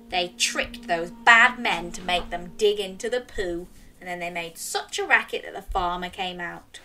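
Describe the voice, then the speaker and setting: A young woman reading a children's story aloud and running games, speaking directly to young children in an animated way. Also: lowish voice, measured pace.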